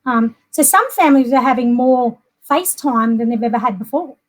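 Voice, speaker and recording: A woman's voice: on the high side, brisk. A middle-aged Australian woman talking in a chatty, rambling way with many fillers in a casual conversation. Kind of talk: casual chat.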